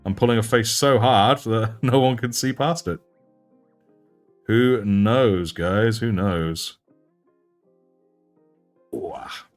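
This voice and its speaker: A deep-voiced young British man chats loosely as a livestream host. His talk is chatty and self-mocking, and his pitch sits on the low side. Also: takes it slowly, soft background music. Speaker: livestream host and miniature painter. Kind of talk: casual livestream chat.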